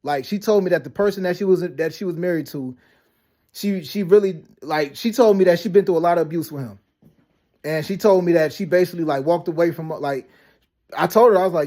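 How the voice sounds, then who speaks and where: A man ranting to camera about being lied about, talking fast with heavy slang, profanity and many restarts. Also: sits high, warm tone. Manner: fast, repetitive storytelling with frequent restarts and "you know what I'm saying". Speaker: vlogger. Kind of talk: rambling personal rant to camera.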